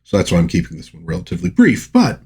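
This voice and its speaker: A man's voice: medium pitch, wildly swooping pitch, quick pace, vocal fry, darkish tone, breathy edge. A man giving a casual comic book review, chatty and rambling with wry asides. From United States.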